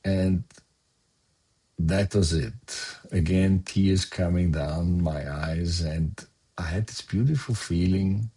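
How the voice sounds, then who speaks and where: An older man, slowly recounting a personal memory in a soft-spoken storytelling manner. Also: low-pitched, slightly rough. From Austria. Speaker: guest sharing memories. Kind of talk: personal recollection.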